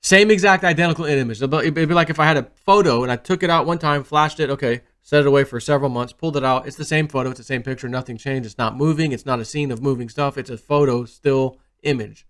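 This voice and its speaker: A man's voice: medium pitch, fast talker, few pauses. Rambling man telling a story. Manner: rambling, animated, often trailing off quietly. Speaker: video host. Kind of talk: casual storytelling monologue.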